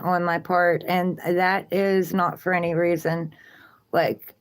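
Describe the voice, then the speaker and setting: A woman's voice: fairly low pitch, slight background noise. A woman with a Southern accent, reading tarot cards on a live stream and chatting encouragingly with viewers. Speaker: tarot reader.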